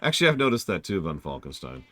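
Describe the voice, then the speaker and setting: A man's voice: deep voice, wildly swooping pitch, fast, bright, forceful tone, a little hiss or hum. A man streaming a game, making jokey, self-deprecating asides in casual commentary.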